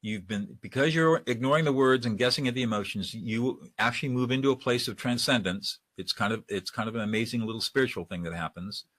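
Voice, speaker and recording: Bright-voiced man teaching a webinar. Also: mid-range voice, a little fast, few pauses, no room sound. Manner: conversational, demonstrates lines by acting them out. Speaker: de-escalation trainer. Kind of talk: webinar lecture.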